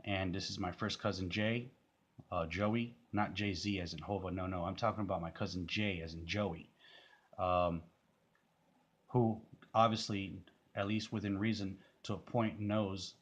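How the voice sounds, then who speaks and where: A man's voice: low voice, breathy edge, lo-fi sound. A man giving casual, rambling commentary on a music video, full of fillers and restarts.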